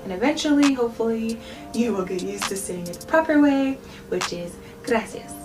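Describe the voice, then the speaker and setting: A woman's voice: on the high side, lively intonation. Woman, vlog language teacher, patient and repetitive, mic set back, music bed audible. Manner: patient, repeats words slowly for practice. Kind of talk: travel vlog language lesson. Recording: distant mic with background music.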